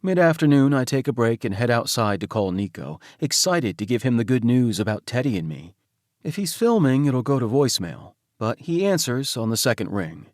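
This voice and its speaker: A man narrating a romance audiobook in first person, intimate and soft-spoken. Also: medium pitch, very animated, moderate pace, no echo, clean studio sound.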